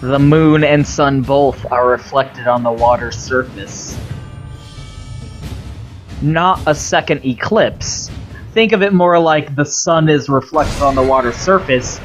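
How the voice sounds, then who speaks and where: A man giving casual, sarcastic and profane commentary while playing a video game. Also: medium pitch. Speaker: let's play host.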